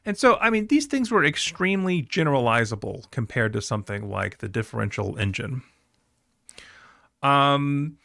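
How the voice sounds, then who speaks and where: A man's voice: medium pitch, gravelly, sharp tone, no echo, clean studio sound. A man teaching a class in a recorded lecture, talking conversationally with fillers and asides.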